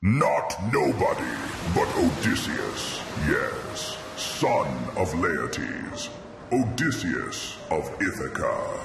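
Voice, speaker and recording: A man putting on a monstrous one-eyed giant, blind and raging. The voice is gravelly and bellowing, its pitch swinging wide. It sounds roomy and echoey, with loud music underneath. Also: very animated, extremely slow, full character voice. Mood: vengeful. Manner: bellowing, pleading.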